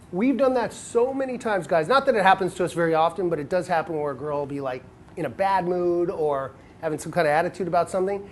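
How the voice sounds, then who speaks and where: A man coaching other men on dating, telling stories and acting out quoted lines in a casual, animated way. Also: sits high, fast, a little hiss or hum. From United States.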